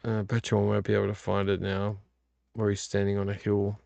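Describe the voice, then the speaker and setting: Tired vlog host, gravelly, dry close sound, rambling chat. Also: male voice, fairly low pitch, fairly quick, no room sound. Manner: relaxed, rambling, complains about covers. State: tired and yawning. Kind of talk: casual late-night chat. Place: home room.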